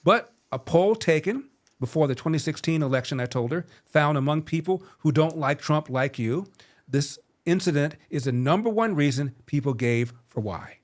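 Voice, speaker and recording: A man's voice: fairly high pitch, lively intonation, normal speed. Man, 70s, podcast host, political commentary, sardonic storytelling.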